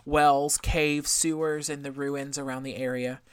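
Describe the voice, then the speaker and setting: A woman's voice: rumbling low, flat delivery, measured pace, smooth, dry recording. A woman co-hosting a true crime podcast, going through the case with casual swearing. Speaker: podcast co-host.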